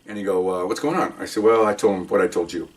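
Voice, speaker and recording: A man's voice: low voice, quick pace, recorded from a distance. An older man, a retired police officer, telling a rambling story and checking in with "okay?" as he goes. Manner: rambling, animated, keeps adding "okay?". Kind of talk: casual storytelling monologue.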